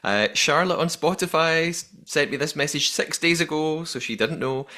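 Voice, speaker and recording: A man's voice: a little high, normal speed, sharp tone. A man hosting a podcast, chatting casually and reading out listener messages. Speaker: podcast host. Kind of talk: casual recap chat.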